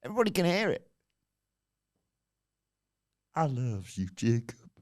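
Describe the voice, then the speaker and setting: A man acting out a scheming male wrestler who pleads softly and with false sincerity for his family to stick together. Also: mid-range voice, very animated, unhurried. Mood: pleading. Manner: soft, coaxing, falsely sincere.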